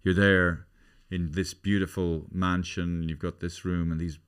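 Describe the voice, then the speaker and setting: A man's voice: low voice, measured pace, clean tone. A man with an Irish accent hosting a comic podcast, chatting and slipping into voices. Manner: animated, breaks into character voices. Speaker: podcast host.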